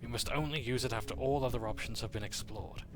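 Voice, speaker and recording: A man's voice: medium pitch, quick pace, over music, close to an everyday voice. A man voicing an earnest male advisor who pleads for diplomacy in a tabletop game. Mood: pleading. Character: urgent, earnest male ally pleading for peace.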